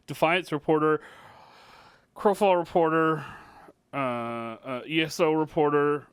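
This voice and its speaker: A man hosts a gaming podcast in a loose, jokey way, poking fun at himself. His voice sits fairly high for a man. It is recorded close and dry. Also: unhurried, long pauses, clear, resonant tone, no room sound. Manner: self-deprecating, laughs often, jokey. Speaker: podcast host. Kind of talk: casual podcast chat.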